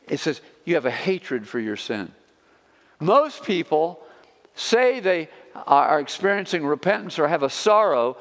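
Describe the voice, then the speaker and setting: A male pastor preaching an expository sermon, emphatic, climbing on stressed words and then dropping low. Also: big-room sound.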